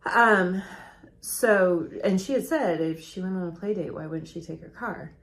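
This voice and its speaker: A woman's voice: lowish voice, unhurried. A woman co-hosting a podcast, chatting casually as she tells a true-crime story and acts out quotes from the people in it. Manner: chatty, recounts events with quoted voices.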